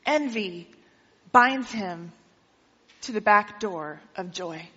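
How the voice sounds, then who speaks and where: A woman preacher who tells a parable in a lively way during a sermon and keeps checking in with her listeners. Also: mid-range voice, takes it slowly, slightly rough. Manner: lively storytelling, asks listeners questions. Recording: dull with long hall reverb.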